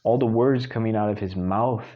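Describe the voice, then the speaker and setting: A man's voice: fairly low pitch, moderate pace, dull audio. A man giving blunt, profane dating advice in a monologue, hammering points home by repeating words. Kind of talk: monologue to camera.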